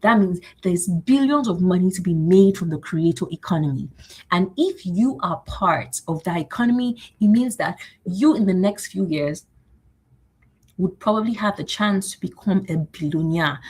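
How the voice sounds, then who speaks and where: Rallying woman with a husky voice. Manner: animated, repetitive and rallying, acting out exchanges in higher voices. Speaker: host. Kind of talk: motivational livestream talk.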